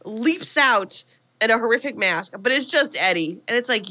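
A woman co-hosting a comedy podcast, recapping a horror film with animated voices for the characters and casual swearing. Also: fairly high pitch, moderate pace. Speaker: podcast co-host.

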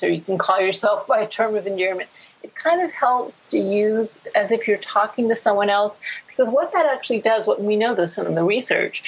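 Husky-voiced woman psychologist explaining. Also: medium pitch, muffled recording. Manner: explanatory, warm and animated. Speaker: psychologist guest. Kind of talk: podcast interview.

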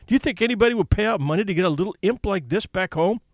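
Man voicing a nervous bungling crook, whiny, pleading, higher voice, dry sound. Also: lively intonation, racing, no room sound. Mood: accusing. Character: nervous bungling male kidnapper, gruff and fretful.

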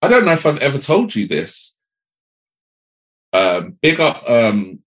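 A man's voice: mid-range voice, measured pace. A man hosting a podcast, chatting casually and telling stories with lots of fillers and acted-out quotes. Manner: animated storytelling with acted-out quotes and many fillers. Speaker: podcast host. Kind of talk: casual chat.

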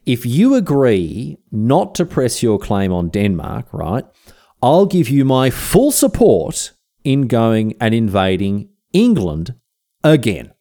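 A man's voice: medium pitch, sing-song, takes it slowly, dark tone, full character voice. A man voicing a wary younger Viking king as a hesitant, placating bloke.

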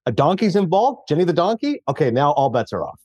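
A man talking films as a podcast guest in casual chat, animated and laughing through his sentences. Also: a little high, quick pace, no room sound, lo-fi sound. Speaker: podcast guest, film critic.

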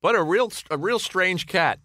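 A man's voice: sits high, lively intonation, normal speed, bright, forceful tone, dry recording. A man co-hosting a podcast, asking a guest questions in an enthusiastic, trivia-minded way. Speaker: podcast co-host. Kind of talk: casual interview chat.

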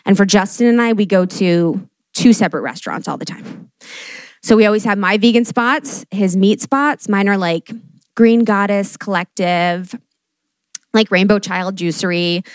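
A woman's voice: mid-range voice, normal speed, no room sound. A young adult woman doing a stand-up comedy monologue, casual and profane, peppering her talk with "like" and acting out quotes. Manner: casual, fillers of "like", frequent swearing, acts out quotes.

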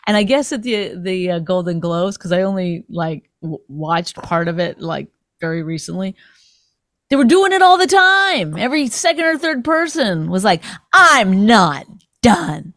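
A woman's voice: mid-range voice, very animated, normal speed, no echo. A woman co-hosting a podcast in casual chat, ranting with lots of swearing and mocking people in put-on voices. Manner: profane, ranting, mocks celebrities in put-on voices. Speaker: podcast co-host.

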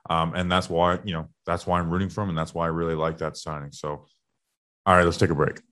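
A young man co-hosting a casual sports talk show talks quickly in a low-sitting voice. He rambles energetically through stats, restarting often.

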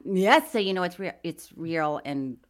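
Animated woman with a lively voice. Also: fairly low pitch, a little slow. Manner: animated storytelling, laughs often. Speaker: podcast co-host. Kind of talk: casual chat.

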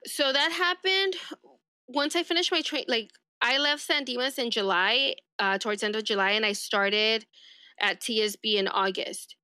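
A woman's voice: a little high, moderate pace, bright, forceful tone, clean tone, no echo, clean studio sound. A young woman from East Los Angeles, a sheriff's deputy telling her story casually in an interview, rambling with lots of "like". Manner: rambling, heavy use of "like", acts out quoted remarks.

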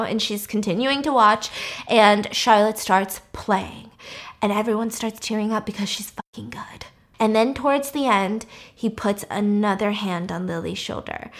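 A woman casually retelling a film's plot, animated and swearing freely as she acts out the characters' lines. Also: medium pitch. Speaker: podcast host recapping a film. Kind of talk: casual storytelling recap.

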